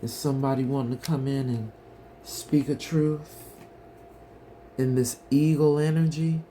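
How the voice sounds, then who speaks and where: Slow, chatty tarot reader. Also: medium pitch, fairly even intonation, dark tone, a little hiss or hum. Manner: chatty, talks straight to viewers. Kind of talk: collective tarot reading, casual chat.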